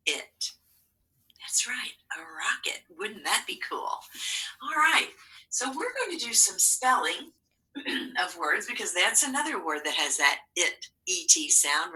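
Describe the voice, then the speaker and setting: A woman teaches a recorded phonics lesson to young children, sounding out syllables slowly and clearly. Her voice is very bright and sharp, with a lively, sing-song rise and fall. She sits a little away from the microphone. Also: medium pitch, far from the mic, poor audio.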